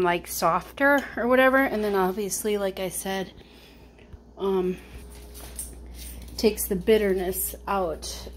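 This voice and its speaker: Slow, chatty woman vlogging in her kitchen. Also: medium pitch, slight background noise. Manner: chatty, slow and unhurried, with fillers and asides. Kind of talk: casual home vlog narration. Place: home kitchen.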